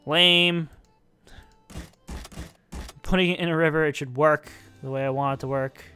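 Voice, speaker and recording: A man's voice: a little high, fairly even intonation, a little slow, bright, forceful tone, clean tone, soft background music. A young man giving casual, self-mocking commentary while playing a building game, talking to himself as he works. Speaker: let's-play gamer.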